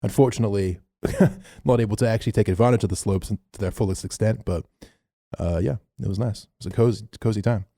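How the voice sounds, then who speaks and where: A young man tells a long story on a podcast, animated and full of curse words. His voice sits a bit low and sounds mellow. The recording is dry and close. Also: fast talker, creaky, no room sound. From Australia. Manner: animated storyteller, swears a lot. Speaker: podcast co-host. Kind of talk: casual storytelling chat.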